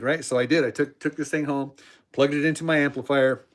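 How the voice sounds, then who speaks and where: A man's voice: mid-range voice, steady tone, fast talker. Rambling man, casual storyteller. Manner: rambling storyteller, repeats words, acts out quotes. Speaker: podcast host, cigar box guitar builder. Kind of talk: casual chat with live chat viewers.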